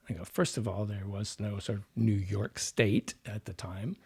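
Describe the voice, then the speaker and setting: Man, mellow and slightly raspy voice, podcast guest, teaching manner. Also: fairly low pitch, fairly even intonation. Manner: explanatory, breaks into quick vocal demonstrations. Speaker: dialect coach and actor.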